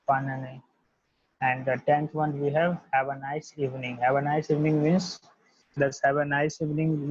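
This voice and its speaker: Husky man teaching word by word. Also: fairly high pitch, a little mellow, no room sound. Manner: repeats each word several times, slow and deliberate. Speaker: language teacher. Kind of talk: online language lesson. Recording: dull lo-fi dry audio.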